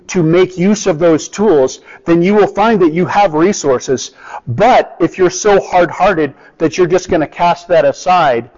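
Male pastor, conversational sermon, slightly high voice, long reverb. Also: a little mellow. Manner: conversational, acts out quoted voices. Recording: dull lo-fi with long hall reverb.

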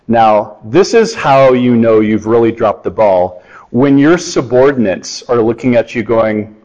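A man's voice: mid-range voice, measured pace, a little mellow. A middle-aged man preaching a sermon in a conversational, storytelling way, acting out the quotes. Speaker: pastor. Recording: dull lo-fi sound.

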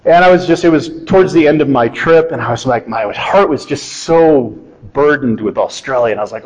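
A middle-aged man preaching a sermon in a conversational, animated way with touches of self-deprecating humor. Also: medium pitch, fairly quick, rough recording. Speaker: pastor.

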